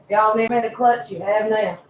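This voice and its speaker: A woman's voice: mid-range voice, fairly even intonation, fast talker, echoey room, muffled recording, slight background noise. A woman hosting a casual live stream, loose and swearing freely while she chats with viewers and fusses over her pets. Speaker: livestream host.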